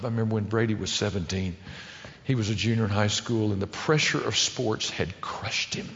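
A middle-aged man preaching a sermon to men, telling family stories in a folksy, emotional way that swings between loud and hushed. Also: on the low side, animated, brisk, creaky. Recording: dull sound with long hall reverb.

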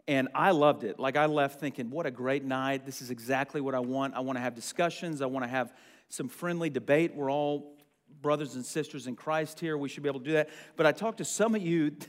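A young man leading a church discussion group, chatty and friendly with lots of ums. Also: on the high side. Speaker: church roundtable leader. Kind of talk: casual teaching to a group. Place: meeting room with a group. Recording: long room reverb.

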